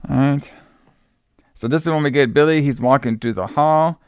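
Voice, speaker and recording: A man casually recapping a movie plot, rambling and restarting his sentences. His voice is smooth and clean, recorded dry and close. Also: fairly high pitch, moderate pace, dry recording. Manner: rambling, many fillers and restarts.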